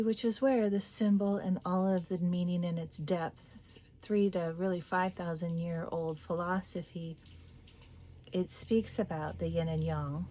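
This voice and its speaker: A woman in her late thirties giving a tarot reading, talking in a meandering, soft-spoken way with little laughs. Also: on the low side, slight background noise. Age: late 30s. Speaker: tarot reader. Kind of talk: casual spiritual talk to camera.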